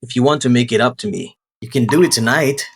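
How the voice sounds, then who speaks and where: A man's voice: medium pitch, quick pace, close to an everyday voice. A man voicing a cocky young healer who teases and boasts, in a dubbed drama. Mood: smug. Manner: smug, teasing. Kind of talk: fan drama dubbing.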